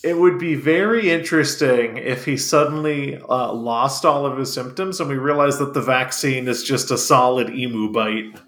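A man's voice: mid-range voice, normal speed, few pauses, a bit bright. Dry-humored man in an echoey room. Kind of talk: casual comedic chat.

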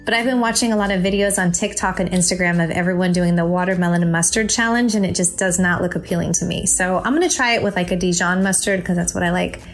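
A woman's voice: lowish voice, quick pace, few pauses, faint music behind. A young adult woman hosting her own podcast, chatting casually and cheerfully as she shares fun facts. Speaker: podcast host. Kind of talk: casual solo podcast chat.

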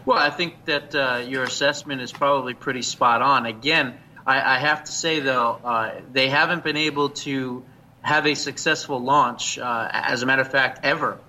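A man appearing as a guest analyst on a radio interview, speaking in a measured, hesitant way with filler uhs. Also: medium pitch, fairly even intonation, bright, forceful tone, a little hiss or hum, rough recording.

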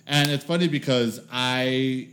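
A man's voice: medium pitch, measured pace. A man in his forties co-hosting a podcast, telling stories in casual chat with lots of laughter and swearing. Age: 40s. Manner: animated storytelling, laughs often, swears freely. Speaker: podcast co-host.

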